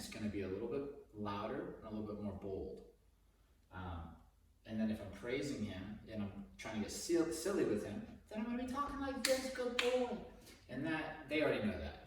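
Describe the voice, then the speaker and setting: A man working as a dog trainer, explaining his methods casually during a session and breaking into high, excited praise for the dog. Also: far from the mic, a little hiss or hum. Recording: echoey room, voice from off the mic.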